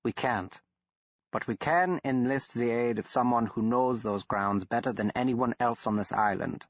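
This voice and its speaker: An elderly, formal monster-hunting scholar, as a male narrator puts him on, grave and measured, rising higher and louder when he presses a point. The audiobook recording is dull and dry. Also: no echo, natural voice.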